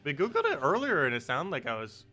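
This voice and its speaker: A man's voice: on the high side, wildly swooping pitch, fast talker, bright, forceful tone, soft background music. A man casually chatting with his live-stream chat, laid-back and joking about how he says words. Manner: laid-back, chatty, answers chat, laughs at own pronunciation.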